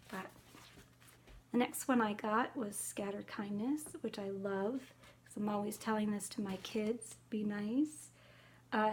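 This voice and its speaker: Chatty excitable woman, slightly high voice. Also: a little hiss or hum. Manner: chatty and excitable, squeals about spiders. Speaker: cross-stitch vlogger. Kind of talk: casual haul chat.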